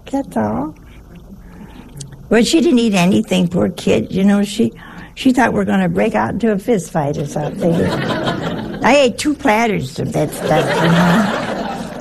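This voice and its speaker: A woman with a gravelly, creaky voice preaches in an easy, conversational way. She jokes and asks her listeners rhetorical questions, keeping her pitch in a middle range. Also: noisy background. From Italian family. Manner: folksy, humorous, full of rhetorical questions. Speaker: religious teacher. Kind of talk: conversational sermon.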